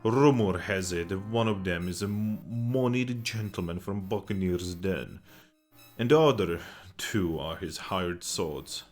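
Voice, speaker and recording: A leering innkeeper with a thick mock Russian accent, voiced by a man. He speaks in stiff, old-fashioned phrases from a low register. Faint game music plays behind him. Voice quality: archaic formal speech.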